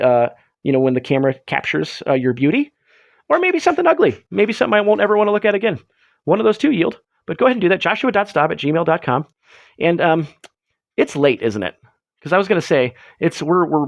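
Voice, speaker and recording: A man in his young adult years hosts a late-night livestream alone, riffing on chat messages with rambling, self-mocking jokes. His voice sits high and leaps up and down constantly. The sound is dry and close. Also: no room sound. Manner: rambling, self-mocking, jokey, swings his pitch up and down a lot. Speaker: livestream host.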